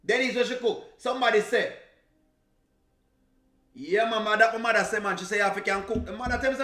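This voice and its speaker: A man's voice: sits high, brisk, long pauses, sharp tone, echoey room. Jamaican man chatting on a live stream. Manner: laughing, teasing, mixing in patois. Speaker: reaction streamer. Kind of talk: casual live-stream chat.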